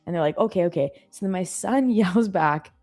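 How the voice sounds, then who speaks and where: Lively lower-voiced woman telling stories. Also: fairly quick. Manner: animated storyteller, acts out voices. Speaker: co-host. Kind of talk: casual chat.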